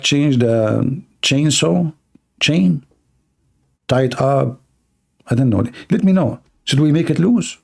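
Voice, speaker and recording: A man's voice: mid-range voice, vocal fry, darkish tone, breathy edge. A man hosting an online talk show, arguing in a sarcastic tone and firing off rhetorical questions. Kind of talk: argumentative commentary.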